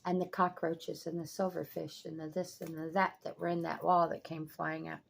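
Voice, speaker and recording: An older woman with a low, gravelly voice tells a long personal story to her camera. She is blunt and freely profane, recounting things with exasperation, and a faint hiss of noise sits under her voice. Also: flat delivery, moderate pace. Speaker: vlogger. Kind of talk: casual storytelling.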